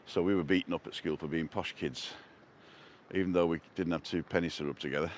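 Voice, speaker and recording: A middle-aged vlogger from North West England, with a Manchester accent, films a casual walking vlog on a seaside walkway, chatting and wandering off into asides. His voice is low and fairly even in intonation, he talks fast, and there's a little hiss or hum on the recording.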